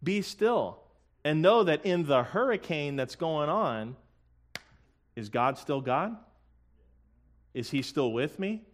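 A man preaching a sermon in an earnest, conversational way, with joking asides and slowly sung hymn lines. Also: a little high, very animated. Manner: sings hymn lyrics slowly. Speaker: pastor.

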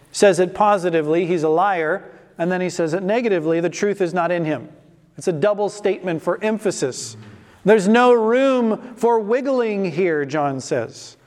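A man's voice: high voice, a little mellow, long reverb tail. A man giving an emphatic expository sermon on scripture, using rhetorical questions. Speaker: preacher.

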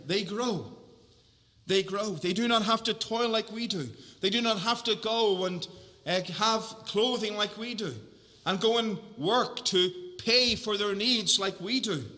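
A man preaching a sermon earnestly, repeating key phrases for emphasis and slowing down on them. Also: high-pitched, pushed and bright, big-room sound.

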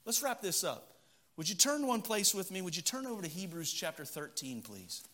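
A middle-aged man, preaching a sermon in church and telling stories, shifting between loud emphatic stretches and low quiet ones. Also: sing-song, normal speed. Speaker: pastor. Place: church sanctuary.

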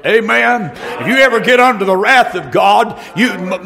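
A middle-aged man preaching a fiery revival sermon, breaking into shouted outbursts between folksy stories. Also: high-pitched, normal speed, gravelly, hardly any pauses, over music.

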